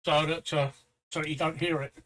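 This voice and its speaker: Male stream host, high bright voice, repeats himself. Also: level tone, fairly quick, rough recording. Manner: chatty, teasing, repeats himself. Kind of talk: casual live-stream chat.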